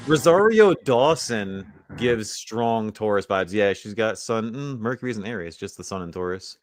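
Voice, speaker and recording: A man's voice: on the low side, animated, normal speed, slight background noise. A man hosting a casual livestream chat, laid-back and teasing with crude banter. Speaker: host.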